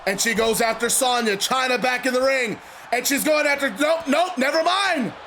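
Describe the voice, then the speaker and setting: This man's voice sits unusually high, and he commentates a wrestling video game in casual play-by-play. His talk is loose and sometimes profane, and it bursts into shouting at the big moments. A faint hum of background noise runs under the recording. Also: normal speed. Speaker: gamer commentating his own matches.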